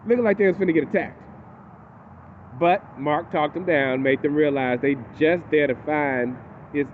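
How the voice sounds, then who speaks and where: Male recapper, animated and chatty, slightly high voice, phone-like audio with faint hiss. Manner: animated, acts out characters in quotes. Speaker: TV recap host. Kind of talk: casual episode recap.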